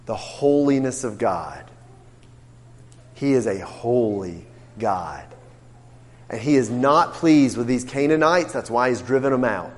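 A man's voice: medium pitch, expressive, unhurried, pauses often, in a large hall. A man teaching an interactive Bible class, asking the group questions and acting out what the characters say. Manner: questioning, emphatic, acts out quotes.

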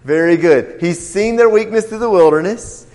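A man teaches an interactive Bible class, questioning the group emphatically and acting out what the characters say. His voice is high and a little mellow at a moderate pace, with a long reverb tail.

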